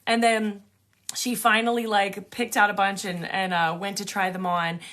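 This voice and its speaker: A woman co-hosting a casual chat, telling a story with lively acted-out quotes and frequent laughter. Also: medium pitch, moderate pace. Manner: animated, acts out quoted voices, laughs often. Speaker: podcast co-host, energy healer.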